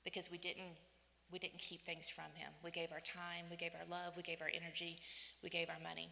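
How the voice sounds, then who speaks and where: A woman in her fifties giving an inspirational church talk, telling personal stories in an animated way and acting out the voices she quotes. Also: fairly low pitch, brisk, vocal fry, slight background noise. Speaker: women's day church speaker. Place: church hall. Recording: echoey church hall.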